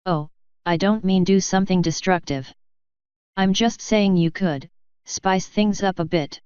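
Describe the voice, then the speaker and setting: A woman's voice: mid-range voice, fairly even intonation, a little slow, darkish tone, clean tone, dry recording, dull audio, natural voice. A woman reading as a jealous scheming changeling princess. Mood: sly. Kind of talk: fanfiction audiobook reading.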